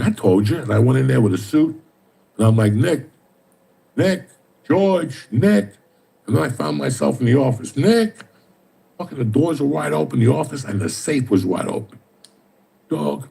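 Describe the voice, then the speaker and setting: A man's voice: medium pitch, moderate pace, creaky, dark tone, husky. A middle-aged man, telling profane, streetwise stories in casual chat. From New Jersey. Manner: streetwise, swears constantly, tells stories with mimicked dialogue.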